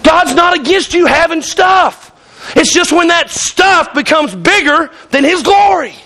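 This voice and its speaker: A man's voice: extremely high pitch, lively intonation, unhurried, pushed and bright. A male pastor preaching a fiery sermon in church, hollering and calling out to the congregation. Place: church sanctuary.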